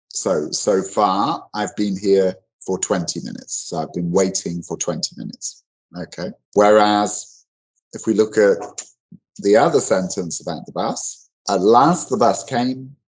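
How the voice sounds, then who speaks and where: A man's voice: on the low side, darkish tone, slightly rough, rough recording. A man teaching English grammar in an online lesson, explaining in a loose conversational way with many fillers and restarts.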